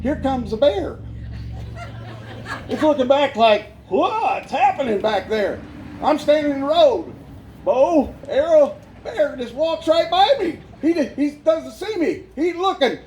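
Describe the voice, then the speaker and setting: Folksy man with a high voice. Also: expressive, measured pace, a little mellow, a little hiss or hum. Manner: folksy, self-mocking, laughs through his words. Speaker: guest speaker giving his life testimony. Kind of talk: storytelling testimony at a church revival. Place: church.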